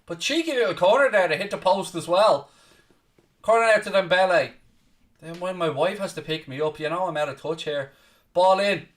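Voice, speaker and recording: A man's voice: high-pitched, moderate pace, recorded from a distance. Chatty man commentating a match live. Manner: casual, chatty, bursts into loud excited shouts at big chances; self-deprecating, swears casually. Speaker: host of a live football watchalong.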